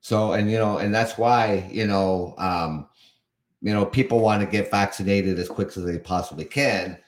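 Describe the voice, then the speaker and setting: A man in his fifties from Canada, on the low side and at a moderate pace, hosts a casual live podcast. There's a lot of chuckling and exasperation as he rambles and restarts.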